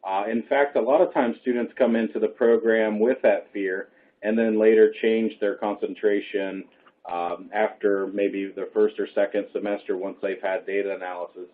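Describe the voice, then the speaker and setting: A low-voiced male professor answers questions in an online webinar. He is hoarse and losing his voice, but he stays reassuring and breaks each point down step by step. The sound is thin and phone-like. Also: steady tone, normal speed. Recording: phone-like line.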